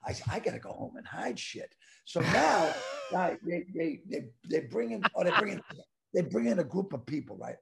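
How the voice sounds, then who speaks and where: A man in his sixties telling a story loudly and crudely, with lots of animated outbursts. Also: high-pitched, normal speed, gravelly, slight background noise. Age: 60s. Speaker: guest comedian. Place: home.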